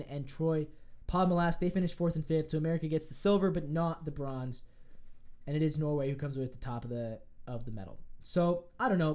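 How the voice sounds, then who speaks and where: A sports podcast host riffing through casual commentary in a voice of middling pitch. The talk comes in excitable, opinionated bursts, with frequent restarts when the enthusiasm runs ahead of the words.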